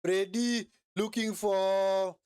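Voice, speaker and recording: A man calls a football match live for his stream, excitable and chatty, looping back over the same words and ending lines with a questioning "eh?". His voice sits a little high and comes through smooth and clear. The sound is close and dry, with no room behind him. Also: extremely slow, no room sound. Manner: excitable, repeats phrases, frequent tag "eh?". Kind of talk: live match commentary and chat.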